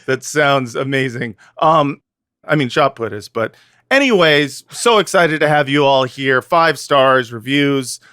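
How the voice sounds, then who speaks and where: Chill guy cohosting a podcast, jokey, lots of uh and um, smooth voice, dry mic. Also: mid-range voice, measured pace, bright, forceful tone, dry recording. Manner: joking, laid-back, many fillers and restarts. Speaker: podcast co-host. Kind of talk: casual chat.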